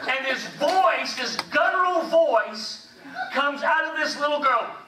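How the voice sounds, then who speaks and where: A man preaching a sermon, telling a story in an animated way. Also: very high voice, slow. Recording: echoey hall, distant mic, faint hiss.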